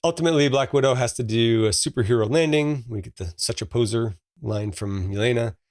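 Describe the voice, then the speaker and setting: Fast and darkish-toned, this medium-pitched podcast co-host in his forties is captured at studio quality with no room sound. His casual movie review chat unfolds as storytelling, peppered with fillers and laughs.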